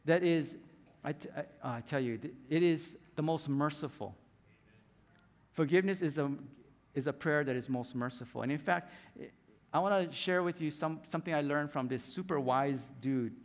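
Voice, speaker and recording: In a church hall with a big-room sound, a pastor with a high-sitting voice preaches a lively sermon. He tells a story, acting out scenes and sound effects as he goes.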